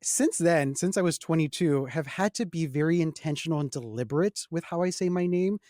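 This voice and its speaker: A man's voice: fairly high pitch, a little fast, dark tone, no echo, clean studio sound. A young adult man from the Texas-Mexico border hosting a casual conversation, talking earnestly and reflectively and putting questions to his guests. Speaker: host.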